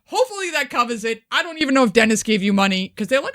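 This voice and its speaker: A woman's voice: on the high side, very fast, dry recording. Foul-mouthed woman in her fifties, dry close sound. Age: 50s. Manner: animated, profane storytelling with acted-out quotes. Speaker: podcast co-host. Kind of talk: casual chat.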